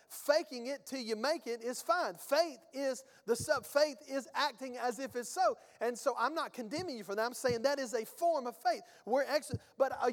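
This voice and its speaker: A male pastor preaching a sermon, reading scripture aloud and swinging between emphatic bursts and quiet asides. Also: very high-pitched, big-room sound.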